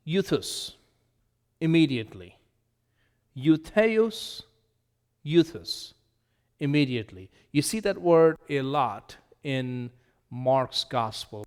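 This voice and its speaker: A man teaching Greek vocabulary, slowly and deliberately repeating each word and its meaning as a drill lesson. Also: mid-range voice, darkish tone, clear, resonant tone, in a large hall.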